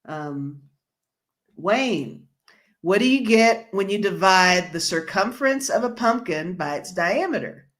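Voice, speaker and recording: A woman's voice: medium pitch, expressive, unhurried. A woman hosting a casual livestream, reading viewer comments aloud and laughing along in a chatty way. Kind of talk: casual live-stream chat.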